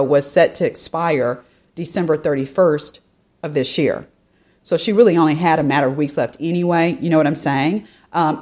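Woman, podcast host, opinion commentary, chatty, talks to listeners directly, low-pitched voice. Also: a little mellow. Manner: chatty, addresses listeners directly, frequent "you know" and asides. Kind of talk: opinion commentary podcast, reading and discussing a news story.

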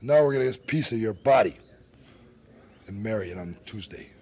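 A man's voice: fairly low pitch, animated, a little fast, a little mellow, husky. A man cutting a wrestling promo, bluntly threatening his rivals.

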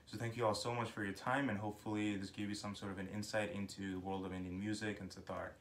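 A man's voice: lowish voice, level tone, quick pace, a little hiss or hum. A young man, a musician, earnestly encouraging young viewers to pursue music, with frequent ums and restarts. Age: young adult. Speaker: sitar musician. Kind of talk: closing talk to young viewers. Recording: roomy, distant mic.

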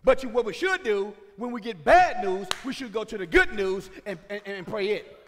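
A man preaching a sermon as pastor, swinging from shouted points to chatty asides with the congregation. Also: high-pitched, expressive, moderate pace, slight background noise. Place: church sanctuary. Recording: reverberant church sanctuary.

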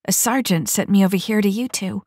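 A woman's voice: mid-range voice, fairly quick, darkish tone, slightly rough, no echo, studio quality, voice pushed up. A woman voicing a nervous young female recruit in a mech body, asking hesitant, timid questions in an audiobook.

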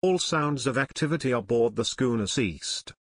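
Man, audiobook narrator, steady measured reading, close mic, dry. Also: medium pitch, dry recording. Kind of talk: scripted narration.

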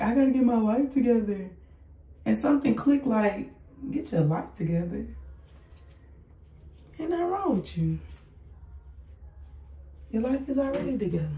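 A woman's voice: mid-range voice, warm tone. A woman hosting a podcast, talking bluntly in a casual motivational monologue, repeating her points and swearing freely. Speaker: podcast host. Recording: echoey room, voice far from mic.

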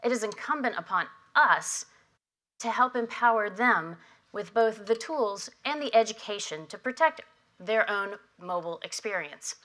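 A woman delivering prepared opening remarks at a conference, measured and emphatic, at a podium microphone. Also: medium pitch, sharp tone. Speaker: industry association head giving opening remarks. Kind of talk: prepared keynote speech. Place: conference hall.

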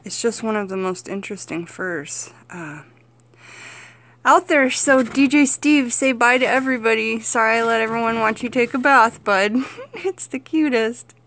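A woman's voice: on the high side, moderate pace. A young woman chatting casually to her camera while coaxing her pet chinchilla with sing-song encouragement. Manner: coaxing, sing-song baby talk to a pet, with soft giggles. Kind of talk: casual pet vlog chat. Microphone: phone camera held in hand.

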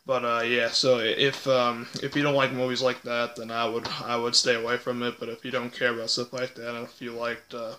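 A young man talks through a casual video review, stumbling over fillers and restarting his sentences. His voice has a bright, forward tone and a flat, even pitch that barely rises or falls. It sounds like a home recording made on a tablet. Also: a little fast, hardly any pauses, a little hiss or hum. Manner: rambling with many fillers and restarts. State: hiccups. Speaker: vlogger reviewing a film. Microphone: tablet or phone.

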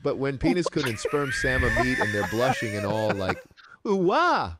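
A man's voice: mid-range voice, animated, brisk, very noisy. A man delivering a gushing, mock-cute comedic rant.

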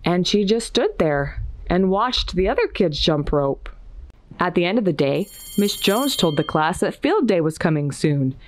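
A woman reading a children's picture book aloud with an expressive, lilting storybook delivery. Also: lowish voice, unhurried.

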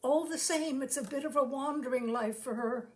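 A woman's voice: high voice, normal speed, close to an everyday voice. A woman voicing a shy, polite young man who travels as a showman, speaking in rustic, folksy turns of phrase.

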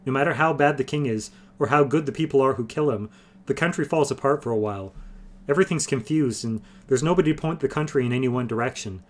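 A man's voice: mid-range voice, fast talker, voice pushed up, close to an everyday voice. A man voicing an earnest, thoughtful young man reasoning things out in a fantasy audiobook reading. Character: thoughtful earnest young male farm boy.

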